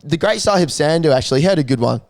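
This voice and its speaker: A man's voice: on the high side, animated, very fast, creaky, no room sound, clean studio sound. A young man co-hosting a podcast in casual banter, laughing and swearing often. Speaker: podcast co-host. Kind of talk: casual chat.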